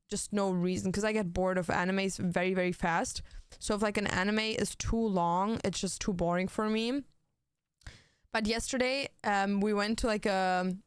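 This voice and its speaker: A woman's voice: medium pitch, clean tone, dry recording, clean studio sound. A young woman streaming, chatting casually while she plays, blunt and swearing freely with lots of fillers. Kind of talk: casual chat while gaming.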